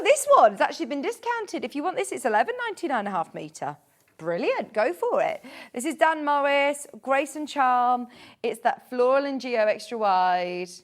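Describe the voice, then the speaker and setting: A bubbly woman selling fabrics on live shopping TV, her voice fairly high and bouncing lively up and down. She talks chattily to viewers and laughs easily between prices. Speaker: shopping channel presenter. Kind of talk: live TV sales presentation.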